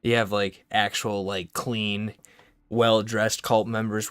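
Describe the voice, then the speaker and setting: A young man streaming games, ranting casually and profanely in a rambling, animated way. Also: on the low side, slow, smooth, dry recording, clean studio sound. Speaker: gaming streamer.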